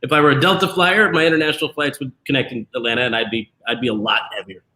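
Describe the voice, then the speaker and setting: A man's voice: mid-range voice, fairly even intonation, quick pace, pushed and bright, rough recording. A man hosting a casual live-stream chat over a video call, joking and ribbing his co-hosts. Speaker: host.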